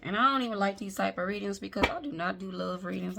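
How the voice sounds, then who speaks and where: A woman's voice: mid-range voice, quick pace, vocal fry. A woman gives a chatty, emphatic tarot reading and talks straight to her viewers as y'all. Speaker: tarot reader. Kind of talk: casual tarot reading to camera. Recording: faint background noise.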